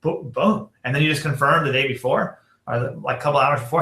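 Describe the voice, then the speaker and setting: Man, sales trainer, chatty, bright forceful voice, echoey room. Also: mid-range voice, a little fast. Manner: chatty, acts out text exchanges, many fillers. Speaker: network marketing trainer. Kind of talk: casual training talk.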